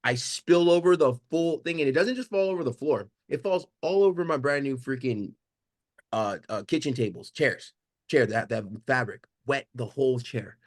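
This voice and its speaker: A man on a video call from home, talking in an animated, emphatic way, full of rhetorical questions and casual swearing. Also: medium pitch, moderate pace, no room sound, clean studio sound. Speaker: coaching call participant. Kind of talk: animated motivational chat. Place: home living room.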